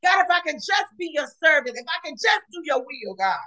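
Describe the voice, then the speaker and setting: Fiery, high-voiced woman preaching. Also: sing-song, a little fast, poor audio. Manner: shouting, repetitive exclamations, colloquial. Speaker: podcast preacher. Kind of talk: fiery sermon.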